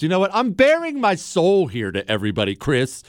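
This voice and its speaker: A man's voice: medium pitch, wildly swooping pitch, fairly quick, dry recording. A man hosting a talk radio show, sarcastic and bantering with his producers in the studio. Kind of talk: casual talk radio monologue. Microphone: studio microphone.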